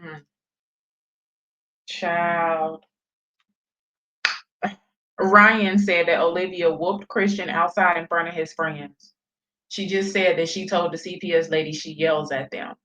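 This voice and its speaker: A woman's voice: on the low side, steady tone, slow, pauses often, bright, forceful tone. Exasperated commentary woman, muffled sound. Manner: sarcastic, exasperated calling-out. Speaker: commentary host. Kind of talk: reaction commentary.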